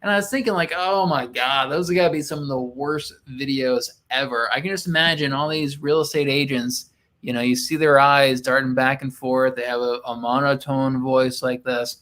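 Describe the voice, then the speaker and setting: A man co-host with a medium-pitched voice and a relaxed, conversational manner. He gets animated in his asides. His talk is easygoing and unscripted. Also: normal speed. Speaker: co-host, real estate agent and YouTuber. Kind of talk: casual chat.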